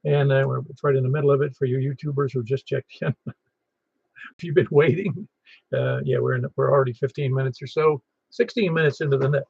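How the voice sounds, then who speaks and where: A man's voice: medium pitch, steady tone, a little fast, creaky, a little mellow, slightly rough, no room sound. A man hosting an amateur radio net in casual chat, rambling and telling stories with many restarts. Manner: rambling, chatty, self-interrupting storyteller. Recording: slightly muffled lo-fi audio.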